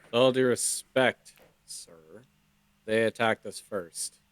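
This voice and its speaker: Low-voiced defiant player. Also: male voice, steady tone, slow, clean tone, no echo. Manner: defiant, matter-of-fact. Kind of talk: in-character tabletop play.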